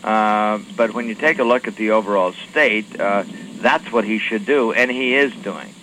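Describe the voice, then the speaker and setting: A man with a fairly low, bright, forceful voice, taking questions from radio stations as a lawmaker. He talks haltingly, filling gaps with many hesitations and restarting his sentences. A faint hiss sits under the voice. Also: low-quality recording. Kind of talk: radio call-in interview.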